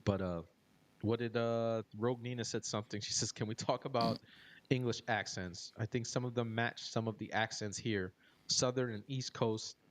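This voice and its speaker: A man from the United States with an American accent, hosting a podcast in a relaxed, joking way. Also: medium pitch, normal speed. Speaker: podcast host. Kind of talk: casual podcast chat.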